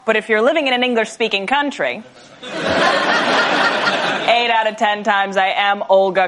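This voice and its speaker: A woman from Russia doing a stand-up set, landing her punchlines in a brisk, deadpan way. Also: on the high side. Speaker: stand-up comedian. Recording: noisy stage recording with a laughing audience.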